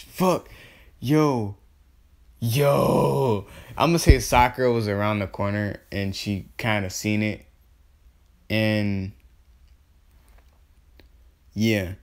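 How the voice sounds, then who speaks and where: A man's voice: fairly low pitch, fairly even intonation, takes it slowly, long pauses, clear, resonant tone. A man telling an improvised fan story in a rambling, slangy way, full of fillers and self-corrections.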